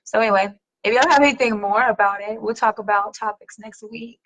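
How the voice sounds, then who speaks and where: A middle-aged woman hosting a casual chat, reading viewer comments, slangy and animated, swearing casually and laughing often. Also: mid-range voice, brisk, low-quality recording. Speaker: host.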